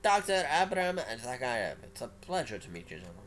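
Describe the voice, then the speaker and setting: A man's voice: medium pitch, big pitch swings, a little fast, fairly bright tone, slight background noise. A man doing a disheveled, polite scientist. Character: disheveled middle-aged male Russian scientist.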